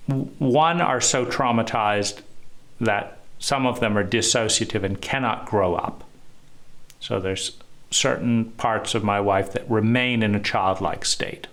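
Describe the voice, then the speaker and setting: Slow, earnest man talking things through. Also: on the low side, gravelly, a bit bright. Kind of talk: personal reflective monologue.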